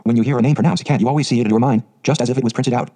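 Dreamy, gushing orphan girl of eleven, read by a man. Quick, husky audiobook delivery. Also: medium pitch, fairly even intonation, dark tone, natural voice. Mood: eager. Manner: dreamy, gushing, dramatic phrasing.

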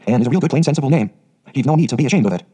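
A man's voice: medium pitch, animated, rapid-fire, breathy edge. A man voicing a stern, unsympathetic middle-aged farm woman who speaks curtly and sharply. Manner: curt, sharp, matter-of-fact.

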